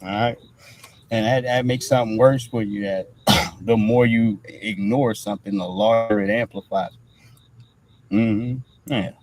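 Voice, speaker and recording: A man hosts a livestream in a lowish, steady, somewhat slow and mellow voice, captured on a rough recording. His casual commentary rambles loosely with profanity, and he says "all right" between nearly every thought.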